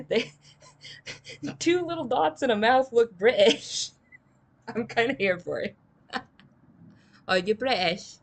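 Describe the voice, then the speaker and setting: A woman's voice: on the high side, slow, pauses often. A woman streaming a game, reading its lines aloud and reacting with chatty giggles.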